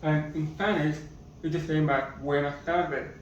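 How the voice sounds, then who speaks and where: A man teaching a basic language lesson at a slow, patient pace and repeating each word, recorded from a distance so it sounds muffled. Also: fairly high pitch, steady tone, heavy reverb, slight background noise. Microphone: camera or phone far from speaker.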